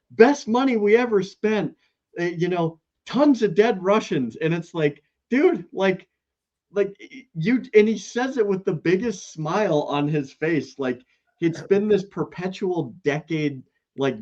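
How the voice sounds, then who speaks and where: Rambling man on a dull, lo-fi mic. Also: darkish tone. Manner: rambling, full of fillers, wide pitch swings. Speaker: podcast co-host. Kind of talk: casual political chat. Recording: slightly dull, lo-fi sound.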